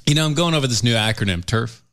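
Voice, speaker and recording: A man's voice: medium pitch, expressive, a bit bright. Rambling man chatting casually. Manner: rambling, halting restarts, jokey. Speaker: podcast co-host. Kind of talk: casual chat.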